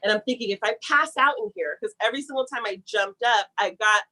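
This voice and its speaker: A woman telling a long personal story in a casual, animated way, talking fast and acting out the people she quotes. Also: medium pitch, rough recording. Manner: talks fast to get through a long story.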